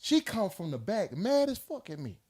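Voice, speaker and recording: Animated high-pitched man telling a story. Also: moderate pace, husky. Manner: animated, mimics voices, laughs loudly while telling stories. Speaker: podcast co-host. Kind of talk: casual storytelling chat.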